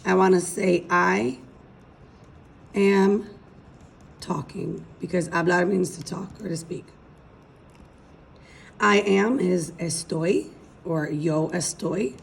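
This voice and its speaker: A woman's voice: on the low side, slow, creaky, long pauses, a little hiss or hum. A woman teaching a recorded language lesson, explaining patiently step by step and checking in with her students. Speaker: Spanish teacher.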